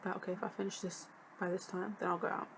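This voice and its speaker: A woman's voice: lowish voice, flat delivery, fast, gravelly, background noise. A young woman, a student vlogger chatting casually to camera, sassy and jokey with lots of laughing asides. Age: young adult.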